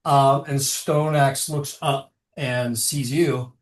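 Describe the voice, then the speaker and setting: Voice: mid-range voice, steady tone, takes it slowly, roomy sound. A game master narrating a tabletop game in a rambling way, full of fillers and self-corrections.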